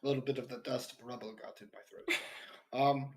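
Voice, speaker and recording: A man's voice: mid-range voice, steady tone, fairly bright tone, slight background noise. Dude playing d&d, goes full pompous hero speech, trips over his words a lot. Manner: grandiose in-character speeches, halting restarts. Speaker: player. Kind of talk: playing a tabletop game, speaking in character.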